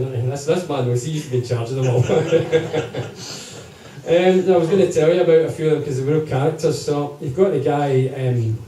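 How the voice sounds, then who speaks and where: Man, comic storyteller, live gig, mellow tone, echoey distant sound. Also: medium pitch, slight background noise. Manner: chatty, keeps checking in with the crowd.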